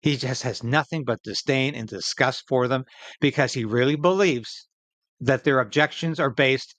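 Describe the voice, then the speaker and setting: A man's voice: mid-range voice, normal speed, a bit bright, no room sound. A man hosting political commentary, reacting to interview clips in an indignant, sarcastic way with a Canadian accent.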